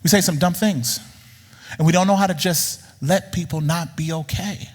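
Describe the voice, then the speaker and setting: High-pitched preacher guy, teasing and blunt, huge echoey hall. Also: normal speed. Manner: blunt, teasing, swings from low mutters to high outbursts. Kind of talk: sermon.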